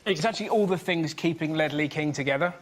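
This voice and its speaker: A man on a comedy panel telling deadpan jokes. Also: on the high side, quick pace.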